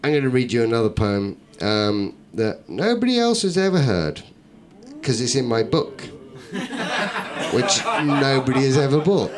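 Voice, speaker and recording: A man's voice: medium pitch, big pitch swings, measured pace, crowd noise. A man performing a comic poem for a live audience, rhythmic, theatrical and wry. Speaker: comedian and performance poet.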